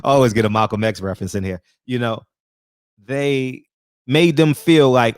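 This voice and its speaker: At a moderate pace, a man with a clear, resonant voice hosts a heated, profane opinion monologue in a casual style. He fires off rhetorical questions, repeats words for emphasis, and swings between high and low. The studio sound is clean, with no echo.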